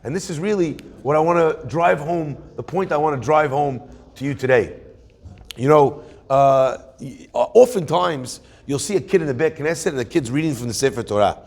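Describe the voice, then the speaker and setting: A man, a rabbi giving a weekly Torah class, telling stories in an animated way and acting out quoted voices. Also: a little high, normal speed.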